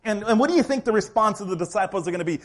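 Man, pastor, sermon in church, animated storyteller, slightly high voice. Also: rapid-fire. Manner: animated storytelling, acts out scenes.

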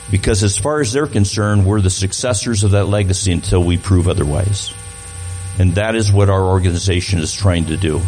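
Man, lowish voice, guest speaker in church, conversational, restarts sentences, faint music and hum behind. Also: fairly quick, darkish tone, low-quality recording. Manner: conversational, repeats words while restarting. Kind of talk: church talk to a congregation.

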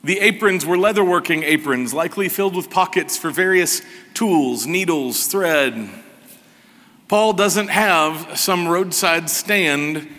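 Slow, bright-voiced preacher. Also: male voice, on the high side, long reverb tail. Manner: slow, sarcastic, emphatic preaching. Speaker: pastor. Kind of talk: sermon.

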